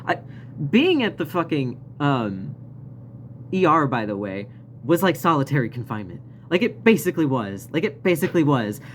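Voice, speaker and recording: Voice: medium pitch, sing-song, normal speed, a little hiss or hum. Profane, rambling vlogger telling a story. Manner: profane, rambling, frequent laughs. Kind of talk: casual storytelling rant.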